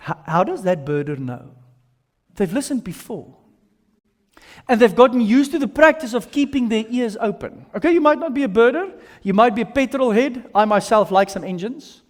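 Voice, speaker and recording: A man preaches from the pulpit, his voice sitting fairly high as he spins lively stories peppered with casual slang. The sound hangs in the long reverb of a large church hall. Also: moderate pace. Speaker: pastor. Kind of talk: sermon.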